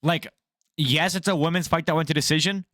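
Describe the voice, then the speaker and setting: Blunt, ranting young man, fairly high voice. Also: brisk, dry recording, clean studio sound. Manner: blunt, profane, animated ranting. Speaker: MMA news host. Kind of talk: casual opinionated commentary.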